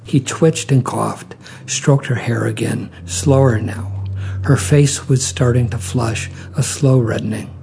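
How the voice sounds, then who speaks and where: Male narrator, reading fiction aloud, calm measured delivery, dark mellow tone, gravelly. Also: mid-range voice, slight background noise. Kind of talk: reading a short story aloud.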